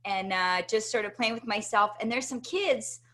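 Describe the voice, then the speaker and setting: A woman guest in an interview, telling a personal story with animated energy and often checking in with "right?". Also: a little high, moderate pace. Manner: animated, tags many sentences with "right?". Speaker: interview guest, motivational speaker.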